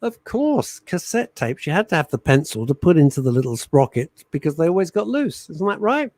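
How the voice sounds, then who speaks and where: A middle-aged man co-hosting a casual radio chat show, telling animated stories and breaking into little sung jingles. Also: a little high, a little fast, no echo, low-quality recording. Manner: animated storyteller, sings jingles and little musical stings. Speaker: radio co-host. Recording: radio studio.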